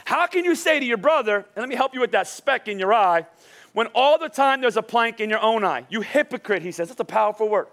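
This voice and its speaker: A middle-aged male pastor preaching a lively, joking sermon in church, urging the congregation to repeat lines after him. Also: sits high, fast talker, creaky. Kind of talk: lively sermon with call-and-response. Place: church service before a congregation.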